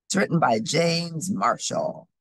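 A woman reads a children's storybook aloud at an unhurried pace. Her voice is husky with a gravelly edge and rises and falls widely. The sound is dry and close. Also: very deep voice, no echo. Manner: slow, expressive storytelling. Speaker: storybook reader. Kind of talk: reading a children's book aloud.

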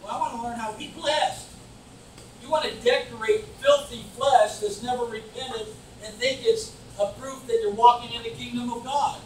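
A man preaching a fervent sermon as pastor, building to shouts and mocking voices. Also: very high-pitched, lively intonation, moderate pace. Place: church. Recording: echoey church from far off, faint noise. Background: congregation calling back.

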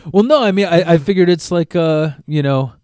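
A man's voice: a little high, a little fast, dark tone, smooth, no room sound, studio quality. A man in his thirties talking casually as a podcast co-host, rambling and swearing, with many restarts. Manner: rambling, profane, frequent restarts. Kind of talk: casual chat.

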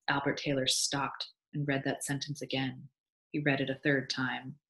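A woman teacher reading a short story aloud to a class, animated, with small restarts and asides. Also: very deep voice, moderate pace, poor audio. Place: classroom or school library.

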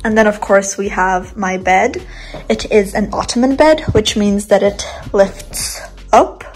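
A woman's voice: mid-range voice, unhurried, low-quality recording. Chatty young woman giving a room tour. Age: 20s. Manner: chatty, rambling, giggly. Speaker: vlogger. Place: bedroom, indoors.

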